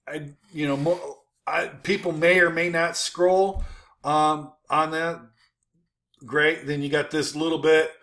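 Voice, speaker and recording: A man with a slightly higher voice walks through web pages in loose, offhand commentary. He hesitates and restarts often, then lands his points with a punchy "boom.". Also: fairly bright tone. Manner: informal, many fillers and restarts, emphatic "boom". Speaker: host critiquing websites. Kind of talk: casual screen-share commentary.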